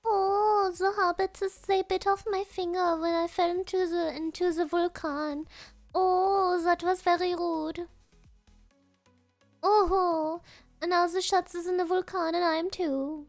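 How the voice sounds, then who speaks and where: A woman with German as her first language, voicing a wretched creature, Gollum, who whines, hisses and drags out his words over faint music. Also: high-pitched. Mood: whining. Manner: hissing, whining, drawn-out lisping speech.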